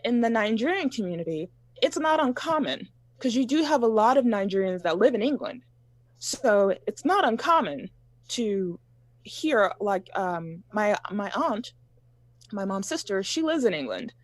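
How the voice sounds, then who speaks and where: A woman tells personal stories in a measured, unhurried way during a casual panel discussion, pausing often and using fillers. Her voice is mid-pitched, and the sound is dry, with no room echo. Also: very animated.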